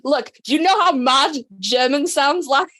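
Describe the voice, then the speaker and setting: A woman's voice: high-pitched, unhurried, a bit bright. A woman co-hosting a podcast, joking and teasing bluntly in casual chat. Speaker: podcast co-host.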